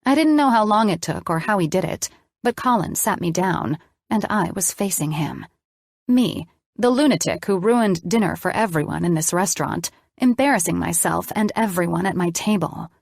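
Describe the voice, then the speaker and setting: Lower-voiced woman reading an audiobook. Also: normal speed, vocal fry, no echo, studio quality. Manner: expressive, emotional reading. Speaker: audiobook narrator. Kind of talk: scripted first-person narration.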